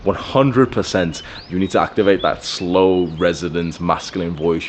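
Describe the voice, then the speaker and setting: A man's voice: deep voice, moderate pace, few pauses, a little hiss or hum. A young man giving blunt, profane, casual advice in a monologue, with lots of filler words. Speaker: self-improvement creator.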